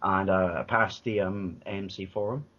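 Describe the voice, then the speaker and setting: An English man co-hosting a casual podcast chat, telling rambling animated stories with lots of restarts and swearing. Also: low voice, moderate pace. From England. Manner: rambling, animated storytelling with many restarts and profanity. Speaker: podcast co-host. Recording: dull lo-fi podcast audio.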